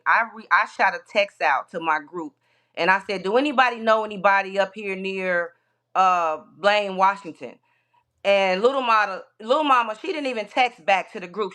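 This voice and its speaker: A woman's voice: mid-range voice, pushed and bright. A woman guest on a podcast telling a long road-trip story in a rambling way, with many restarts.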